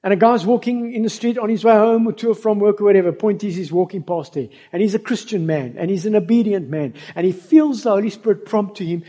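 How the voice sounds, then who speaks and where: Husky-voiced preacher. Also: male voice, high-pitched, quick pace, few pauses, dark tone, lo-fi sound. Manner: storytelling, addresses the congregation directly. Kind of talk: sermon.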